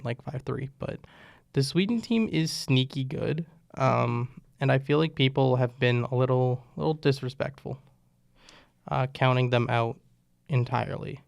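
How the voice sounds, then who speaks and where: A man's voice: mid-range voice, gravelly, smooth, dry recording, clean studio sound. A young man hosting a casual sports podcast, with a voice that is giving out on him, talking loosely and jokingly with many restarts. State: losing his voice. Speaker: podcast host.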